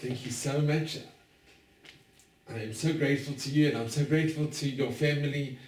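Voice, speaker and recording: A man's voice: mid-range voice, steady tone, moderate pace, darkish tone. A man interviewing, thanking his guests in a formal, grateful manner. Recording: distant, echoey, noisy.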